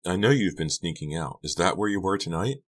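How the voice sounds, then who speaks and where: A man voicing a stern, disappointed mother in an audiobook, with a flat, clipped delivery. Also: sits low, brisk.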